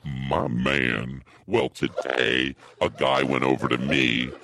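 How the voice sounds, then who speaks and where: A man playing a smooth cool guy who rambles, his voice pushed very deep by an effect that sounds slightly robotic. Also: steady tone, pushed and bright, full character voice. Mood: smug. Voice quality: very deep, gravelly. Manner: drawn-out, rambling storytelling. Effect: voice-lowering effect that sounds a bit robotic.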